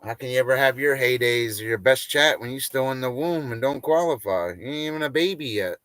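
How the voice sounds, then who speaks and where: A man's voice: mid-range voice, fairly quick, a bit bright, dry recording. A man hosting a livestream, rambling and joking crudely and often laughing at his own lines. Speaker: livestream host. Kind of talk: casual livestream rant.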